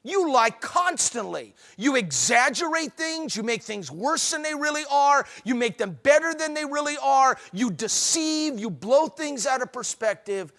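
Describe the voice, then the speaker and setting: A man's voice: very high voice, very animated, measured pace, hardly any pauses, fairly bright tone. A man giving a humorous, emphatic talk at a marriage conference, mixing preachy urging with jokes. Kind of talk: humorous live seminar talk.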